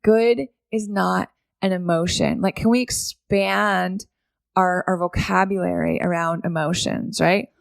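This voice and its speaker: Low, gravelly-voiced woman podcast host. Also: fairly even intonation, measured pace, no room sound, studio quality. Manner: conversational, keeps asking "right?". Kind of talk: solo podcast monologue.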